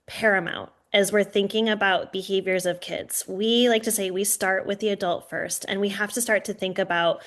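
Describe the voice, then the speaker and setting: Lively woman presenting a webinar. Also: mid-range voice, normal speed, few pauses. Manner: lively, addresses listeners directly with "right?" and "y'all". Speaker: webinar presenter on early childhood regulation.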